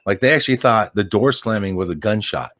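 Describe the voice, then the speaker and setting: A man's voice: lowish voice, lively intonation, brisk, a bit bright, dry recording, clean studio sound. A man in casual chat as a podcast guest, telling a story in a laid-back, rambling way, swearing and laughing often.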